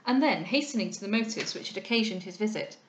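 A woman's voice: medium pitch, lively intonation. Woman reading a classic novel aloud. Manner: measured, clear storytelling. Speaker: audiobook reader. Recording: roomy echo.

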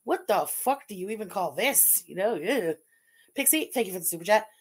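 A woman's voice: mid-range voice, expressive, a little fast, husky. A woman from Canada hosting a livestream, talking in a sarcastic, profane way and laughing often. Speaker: streamer host. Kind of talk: casual livestream commentary.

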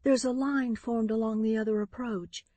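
A woman's voice: on the high side, fairly even intonation, normal speed, warm tone, no room sound, voice pushed up, natural voice. A woman reading an audiobook voices a determined young woman in a crisis, speaking with urgent, breathless pleading. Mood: breathless urgency.

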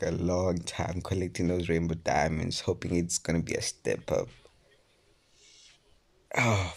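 A man's voice: low-pitched, vocal fry, a little mellow, breathy edge. A young man doing casual gaming vlog commentary, frustrated, swearing a lot and dropping into whispers. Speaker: mobile game YouTuber.

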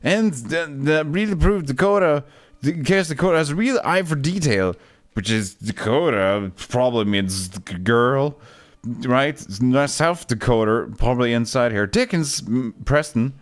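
A man playing a game for a video, joking sarcastically and jumping into sudden loud, high yelps. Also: animated, a little slow. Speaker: gaming YouTuber. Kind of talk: let's play commentary.

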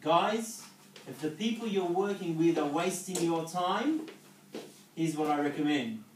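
Lively intonation and an unhurried pace mark this man's voice, which sits on the high side. He's a network marketing speaker coaching an audience in a motivational business talk, checking in with short questions like "okay?" and "yeah?". He sounds far away in an echoey room with slight background noise.

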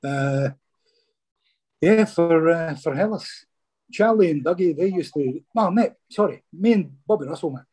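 A man's voice: fairly high pitch, animated, measured pace, a little mellow, husky. A Scottish former footballer, a man, chatting casually in an interview and telling rambling stories, often saying "mate". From Scotland.

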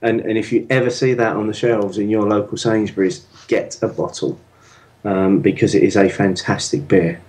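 A man with a lowish voice talks in a relaxed, chatty way as co-host of a podcast. He often trips over his words and repeats them before carrying on. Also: moderate pace, poor audio. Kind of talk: casual chat.

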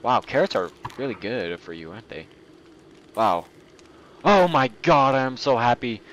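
A young man giving goofy, excitable let's play commentary while playing a game. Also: medium pitch, unhurried, slight background noise. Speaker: gameplay commentator.

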